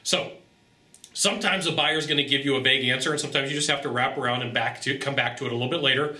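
A man coaching on sales in an animated, joking way, often jumping into high, acted-out voices. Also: fast talker, echoey room. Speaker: sales trainer. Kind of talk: energetic motivational sales coaching monologue.

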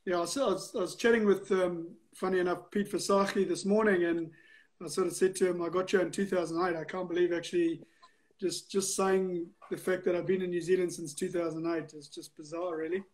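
A man's voice: sits high, level tone, a little fast, a little mellow. A man from South Africa as a guest on a video call interview, easygoing and self-deprecating.

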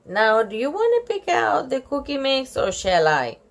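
A woman voicing a patient but firm mother in a storybook read-aloud, calm and gently scolding. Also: high-pitched, moderate pace, voice pushed up, heavily acted.

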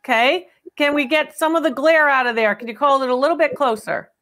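A woman hosting a live call-in appraisal stream, talking in a brisk, chatty, direct way. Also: sits high, fairly bright tone. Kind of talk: unscripted live appraisal chat.

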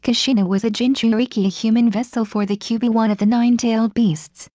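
A woman's voice: a little high, fairly even intonation, fast talker, dark tone, no room sound, natural voice. A woman reading the lines of a proud young male sun god in a fan story, in her own plain voice. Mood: earnest.

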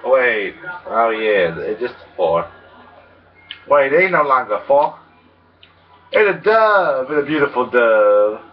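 A man giving casual game commentary, rambling and crude, laughing and jumping into high excited yelps. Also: slow pace, long pauses, far from the mic, dull audio. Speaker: gameplay commentator.

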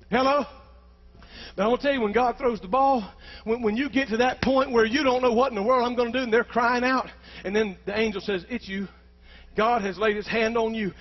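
A man preaching with fervor, his voice pitched unusually high for a man. He keeps calling out to the congregation as he preaches. The recording sounds dull and lo-fi. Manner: fervent, calls out to the congregation. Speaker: pastor. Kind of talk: preaching a sermon.

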